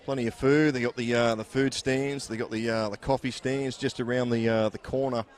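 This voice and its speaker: An Australian man commentating live at a local football ground, chatty and relaxed with many fillers. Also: mid-range voice, fairly quick. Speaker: sports commentator.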